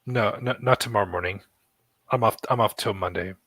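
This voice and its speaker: A man who games and streams, talking in casual chat with a calm voice and an easygoing, somewhat halting manner. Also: fairly low pitch, slightly rough, dry recording. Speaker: gamer and streamer.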